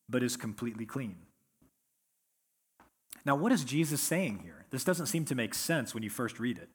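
A man delivering a sermon in a husky, slightly breathy voice of middle pitch. He preaches earnestly, leaning hard on the words he wants to land. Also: a bit bright. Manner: earnest, emphatic preaching with slowed stresses. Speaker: pastor.

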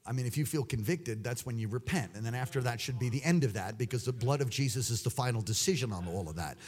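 A man preaching a sermon, swinging between loud exclamations and hushed asides. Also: mid-range voice, animated, fast talker, husky.

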